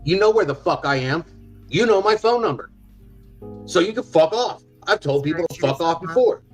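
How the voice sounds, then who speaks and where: A man's voice: a little high, expressive, normal speed, faint music behind, rough recording. A father speaking on a live panel in a heated, profane, confrontational rant. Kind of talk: angry rant.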